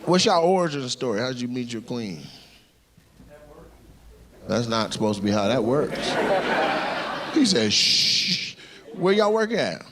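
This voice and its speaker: On a club stage, a stand-up comedian does crowd work, brashly and profanely teasing audience members through a handheld mic. His voice sits at medium pitch with big swings, a slightly bright tone, an unhurried pace and long pauses. The live club recording is noisy.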